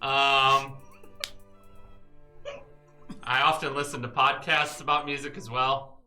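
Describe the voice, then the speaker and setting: A stream co-host bantering in a dry, deadpan way, delivering mock-serious statements. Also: mid-range voice, moderate pace, reverberant, soft background music. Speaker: co-host of a music stream show.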